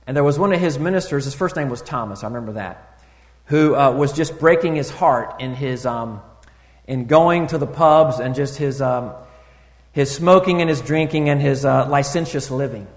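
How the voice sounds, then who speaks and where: A man preaching a sermon in a relaxed, conversational way, full of fillers and restarts, rising loud and high to stress a point and dropping quiet for asides. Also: normal speed, long reverb tail. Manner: rises loud and high for emphasis, drops soft for asides. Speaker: pastor.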